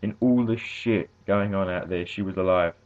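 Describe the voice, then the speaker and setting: A shaken female medic who speaks in halting phrases, as a man reading the story puts her on. The voice stays low. It comes through tinny, phone-like audio. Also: steady tone, darkish tone, close to an everyday voice.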